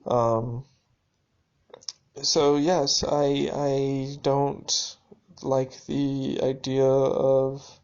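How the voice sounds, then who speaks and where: A man speaking a reflective, halting personal video journal monologue, with restarts and dry sarcasm. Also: mid-range voice, little pitch movement, darkish tone, smooth, muffled recording.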